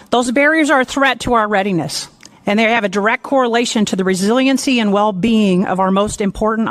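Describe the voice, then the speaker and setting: A woman, a senior military officer, giving formal prepared testimony in a measured, deliberate way. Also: medium pitch.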